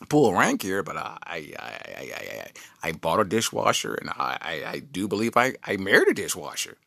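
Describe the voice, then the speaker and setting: A man's voice: sits low, huge pitch swings, moderate pace, gravelly, bright, forceful tone, no echo, clean studio sound, heavily acted. A man voicing a fussy, hesitant husband who is a stickler about small things.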